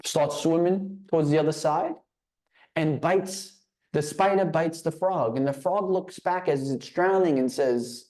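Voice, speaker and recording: A man's voice: on the high side, measured pace, darkish tone. A man speaking as a guest in a business leadership session, telling a story with frequent restarts and repeated words. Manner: storytelling, repeats words when starting phrases. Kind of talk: motivational talk.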